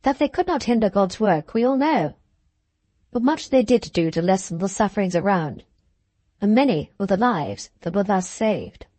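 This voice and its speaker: A woman reads a classic novel aloud in a measured, even way. Her voice sits at a middle pitch and the sound is close and dry, with no room around it. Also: dry recording. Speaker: audiobook narrator. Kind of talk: scripted audiobook narration.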